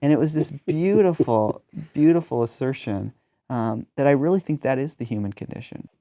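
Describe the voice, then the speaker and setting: A man's voice: mid-range voice, lively intonation, normal speed, warm tone, no echo. A man in his thirties, a pastor, talking reflectively in a conversational discussion and telling stories with frequent ums.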